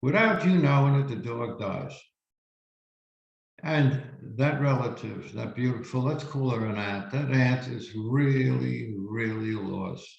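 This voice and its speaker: A male reverend giving a spiritual teaching talk, telling a story slowly and reflectively with emphatic pauses. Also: medium pitch, vocal fry. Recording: roomy, dull lo-fi recording.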